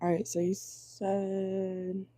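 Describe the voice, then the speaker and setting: A hoarse woman whose voice is going out, chatting casually as she reads viewer comments during a live tarot reading. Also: mid-range voice, monotone, drawn-out words, mellow. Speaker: tarot reader. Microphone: phone or laptop in a car.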